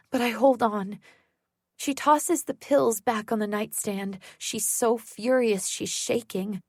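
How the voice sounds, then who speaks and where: A woman narrating a thriller audiobook in the first person, measured and tense. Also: a little high, no echo, clean studio sound.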